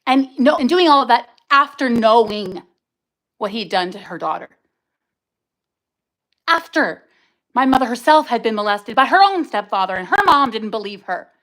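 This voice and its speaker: A woman's voice: a little high, lively intonation, moderate pace, pauses often, a bit bright, low-quality recording. A woman speaking on a livestream, giving an emotional personal testimony, angry and raw, cursing and talking in bursts. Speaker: livestream host.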